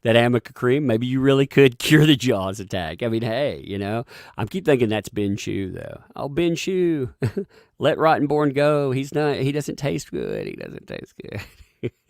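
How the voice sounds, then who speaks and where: A man's voice: medium pitch, lively intonation, moderate pace, no room sound, clean studio sound. A man hosting a live-stream, chatting sarcastically with frequent laughs and reading out viewer donations.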